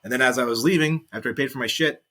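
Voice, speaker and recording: A man co-hosting a podcast, telling a casual story in a deadpan way and acting out other people's lines. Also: mid-range voice, very fast. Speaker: podcast co-host.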